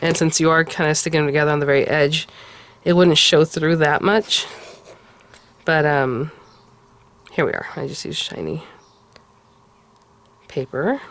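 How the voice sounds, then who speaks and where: A woman's voice: sits low, unhurried, long pauses, a little hiss or hum. Chatty woman gushing over crafts. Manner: chatty and gushing, often softly cooing over cute details. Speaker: card-making tutorial host. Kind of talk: casual crafting tutorial talk.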